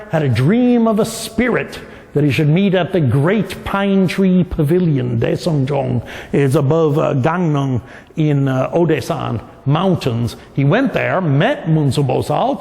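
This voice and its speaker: A man with a slightly high, gravelly voice tells a legend as a lecture. He explains as he goes and often restarts his phrases. The sound rings with the long reverb of a large temple hall. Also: a little mellow. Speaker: professor giving a dharma talk. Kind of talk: storytelling lecture.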